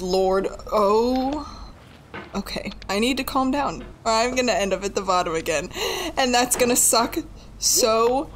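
A woman's voice: medium pitch, a little hiss or hum. A young woman in her twenties streaming a game live. She pleads, swears and mocks herself as she keeps failing. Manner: frustrated, pleading and swearing under her breath; self-mocking with bursts of laughter. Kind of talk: live gaming commentary.

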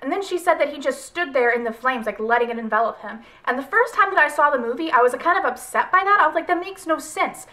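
A woman's voice: high voice, lively intonation, fast talker, few pauses, sharp tone. A woman reviewing a film adaptation in a casual vlog, chatty and rambling with lots of fillers. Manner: gushing, emotional. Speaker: book vlogger.

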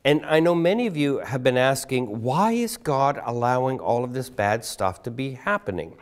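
A man preaching a sermon as guest pastor, putting rhetorical questions to the congregation and slowing down to stress key words. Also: mid-range voice, lively intonation.

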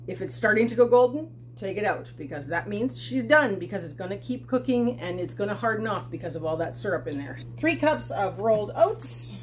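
A woman talks casually while she cooks in her home kitchen, chatty and quick to poke fun at herself. Her pitch sits in the middle, and a faint hum runs under her voice. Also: animated. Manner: chatty and self-deprecating, talking while cooking. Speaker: homesteading channel host. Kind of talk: casual cooking demonstration.

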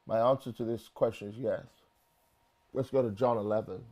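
A brisk, slightly mellow male voice belongs to a pastor speaking London English. His sermon is dramatic, full of acted-out quotations with rising and falling pitch and volume, and he repeats words often.

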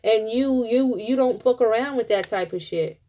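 A woman giving a casual tarot reading, blunt and profane, telling it like an animated story. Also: on the high side, moderate pace, dull audio. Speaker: tarot reader.

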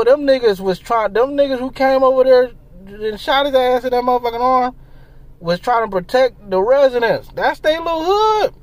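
A man ranting in casual commentary, animated and profane, firing off rhetorical questions. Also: extremely high pitch, dry recording. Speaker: commentary vlogger.

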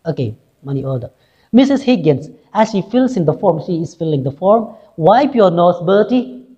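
A woman's voice: low-pitched, sing-song, fairly quick, dark tone, husky. A woman English teacher talking through a play, who repeats lines and checks in with "right?", on a dull lo-fi recording. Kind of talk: explaining a play in class.

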